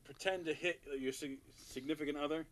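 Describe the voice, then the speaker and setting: A man co-hosting a casual podcast, fast and excitable, acting out the people he describes. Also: a little high, a loud crowd. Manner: fast, excitable, acts out quoted voices. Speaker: podcast co-host. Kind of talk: casual chat.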